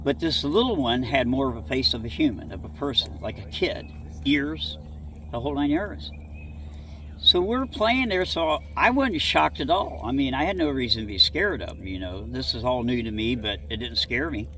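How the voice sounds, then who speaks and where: An animated, sharp-toned voice at medium pitch and moderate pace belongs to a middle-aged man from southwest Ohio. In an interview he tells a rambling, folksy story about his childhood, acting out dialogue along the way. There's faint background noise, and the mic sits at a distance.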